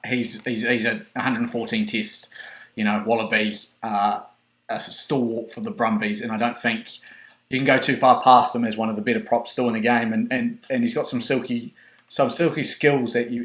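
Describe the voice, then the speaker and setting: A man's voice: on the low side, a bit bright. A man hosting a casual fantasy draft chat, hesitant and repeating words as he explains his picks. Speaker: host.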